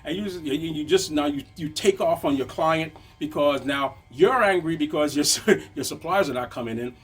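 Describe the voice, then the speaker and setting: Brief: male business coach, slightly high voice, chatty lesson delivery, soft music beneath. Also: moderate pace, slightly rough. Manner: conversational, frequent tag questions "right?". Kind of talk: motivational lesson.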